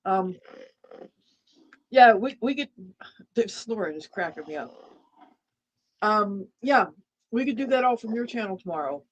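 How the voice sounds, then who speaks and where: A woman's voice: mid-range voice, expressive, measured pace, long pauses, low-quality recording. Rambling woman co-host, eating while talking. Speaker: livestream co-host. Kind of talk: casual livestream chat.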